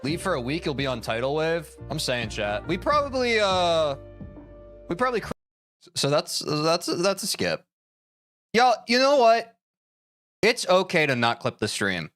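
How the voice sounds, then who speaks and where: Rambling streamer talking to chat. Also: male voice, a little high, very animated, a little slow, long pauses, a bit bright, dry recording, soft background music. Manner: rambling, self-interrupting, opinionated. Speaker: game streamer. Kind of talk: casual live-stream talk to chat.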